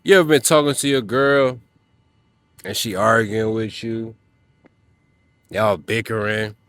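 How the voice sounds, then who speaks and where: A man's voice: fairly low pitch, fairly even intonation, measured pace, fairly bright tone, no echo. A man giving a motivational talk to other men, emphatic and preachy, speaking in casual slang. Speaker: self-help vlogger.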